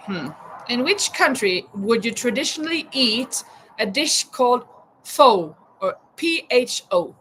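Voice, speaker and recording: A woman's voice: fairly high pitch, lively intonation, measured pace, a bit bright, slight background noise, rough recording. A woman in her fifties hosting a live chat and quiz, laughing often and exclaiming "oh my goodness.". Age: 50s. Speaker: livestream host running a quiz.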